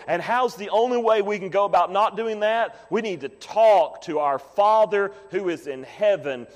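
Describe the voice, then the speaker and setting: A man preaching a sermon as pastor, emphatic, swinging from loud pleading to quiet low asides. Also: normal speed, hardly any pauses, big-room sound.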